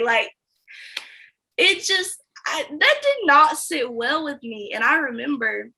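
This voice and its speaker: A young woman, once a sales account manager, tells her story candidly in an interview, acting out the dialogue with animation. Her voice sits high and gravelly, she speaks slowly, and the recording is rough.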